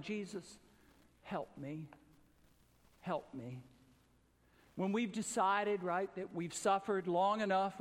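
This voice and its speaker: A man raised in the American South preaching a sermon, earnest, rising to emphatic calls and then dropping low and soft. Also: in a large hall. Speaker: pastor.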